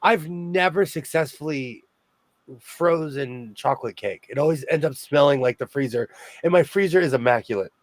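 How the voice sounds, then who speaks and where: Man, sewing show host, casual chat, jokey, laughs a lot, fairly high voice. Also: normal speed, no echo. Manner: chatty, jokey, laughs often.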